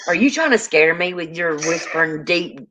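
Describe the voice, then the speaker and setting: A woman hosting a paranormal livestream, chatting casually and teasing, quick to laugh. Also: lowish voice, lively intonation, background noise. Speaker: paranormal show host.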